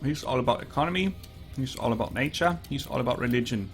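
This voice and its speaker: A man's voice: mid-range voice, fast talker, soft background music. A man streaming a video game and chatting about it in an amused, laughing way. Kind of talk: casual gameplay commentary.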